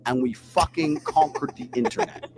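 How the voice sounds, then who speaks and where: A man's voice: on the high side, moderate pace, a little mellow. A man telling a story in a brash, boastful way, swearing freely and acting out both sides of conversations.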